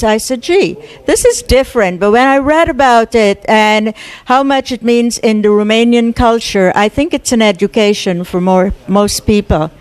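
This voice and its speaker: A woman's voice: on the high side, smooth. A woman hosting a TV interview show at a gallery opening, chatty and upbeat, with jokes about herself. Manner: chatty, upbeat, self-joking. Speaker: TV show host. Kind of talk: casual interview.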